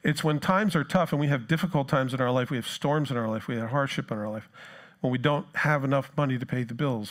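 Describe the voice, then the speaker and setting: With a mid-range voice and a New Jersey accent, this pastor from New Jersey delivers a sermon in a conversational, self-deprecating manner, acting out the cries of the disciples.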